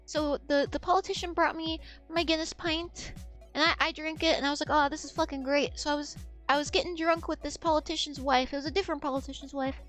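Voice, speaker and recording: Very high-pitched rambling young woman. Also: fairly even intonation, fast, fairly bright tone, faint music behind. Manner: rambling, self-interrupting, swears freely. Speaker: streamer. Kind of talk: casual chat.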